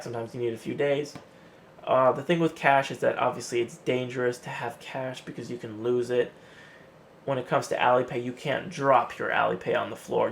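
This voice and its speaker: Man, casual vlogger, gravelly voice, chatty and animated, faint background hum. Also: medium pitch. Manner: chatty, acts out quotes in an animated way. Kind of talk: casual vlog talk.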